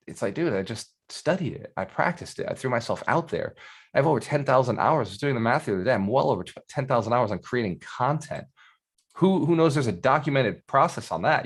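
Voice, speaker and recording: A man who mentors in real estate gives a live coaching talk, speaking directly and energetically and asking his audience questions. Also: mid-range voice.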